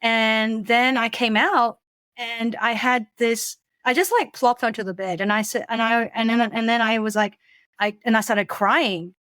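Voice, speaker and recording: Candid woman guest, halting and reflective. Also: on the high side, fairly even intonation, clear, resonant tone, no room sound. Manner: halting, many restarts and soft laughs. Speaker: podcast guest. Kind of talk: candid personal storytelling.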